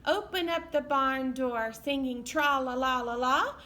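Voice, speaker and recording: Cheery high-voiced woman leading storytime. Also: unhurried, pushed and bright. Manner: cheery, encouraging, sings and makes animal sounds. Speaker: children's librarian leading baby storytime. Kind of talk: sing-along storytime for babies. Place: library storytime session.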